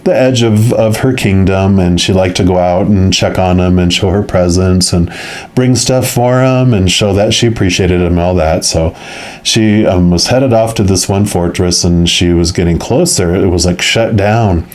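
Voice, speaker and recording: A man's voice: low voice, moderate pace, a little mellow. A man giving a tarot reading, telling a story casually and rambling with many fillers. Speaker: tarot reader.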